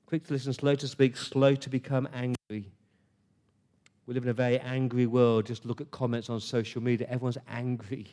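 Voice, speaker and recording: A man preaching a sermon in an earnest, conversational way, pausing and restarting as he talks to his congregation. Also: medium pitch, little pitch movement, dark tone.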